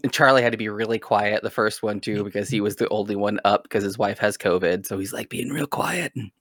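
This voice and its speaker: A man co-hosting a casual podcast chat, excitable and rambling, laughing often. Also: lowish voice, brisk, no room sound, clean studio sound. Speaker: podcast co-host.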